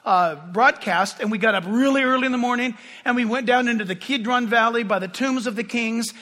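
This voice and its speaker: A man's voice: very high voice, brisk, pushed and bright. A male pastor preaching a sermon, telling stories animatedly and addressing the congregation, with long hall reverb.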